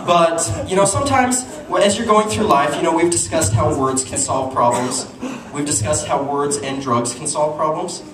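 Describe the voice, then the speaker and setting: A young Utah comedian with a voice on the high side keeps a moderate pace with few pauses, telling animated stories and addressing the audience from a comedy club stage. The sound is noisy and echoey from a distant mic, backed by audience laughter and room noise.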